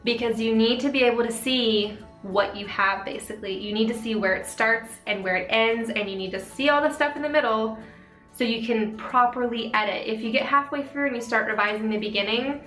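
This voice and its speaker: Bright chatty young woman, a bit sick. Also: on the high side. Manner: chatty, quick, lots of "like" and "um". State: sick, a little out of breath. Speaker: author vlogger answering viewer questions. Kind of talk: casual Q&A vlog. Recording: echoey room, faint music.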